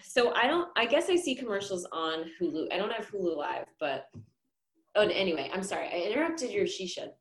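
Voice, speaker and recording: A woman's voice: mid-range voice, sing-song, a little fast, reverberant, poor audio. A woman guest in a casual podcast chat, talking chattily and laughing often.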